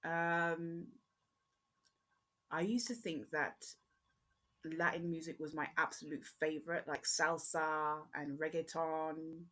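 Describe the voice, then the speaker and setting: A woman's voice: sits low, fairly even intonation, a bit bright. Chatty Jamaican-born woman with an English accent. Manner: chatty, rambling, frequent "um" pauses. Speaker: podcast host. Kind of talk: casual solo podcast chat.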